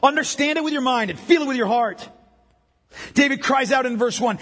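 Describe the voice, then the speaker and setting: A man preaching a sermon as a pastor, impassioned and emphatic, with a husky voice. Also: extremely high pitch, expressive, normal speed, fairly bright tone. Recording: long reverb of a large hall.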